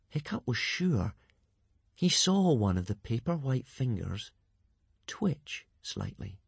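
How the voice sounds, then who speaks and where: Husky, lively male storyteller. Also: lowish voice, no echo. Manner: lively, dramatic. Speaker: narrator. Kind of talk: storybook reading.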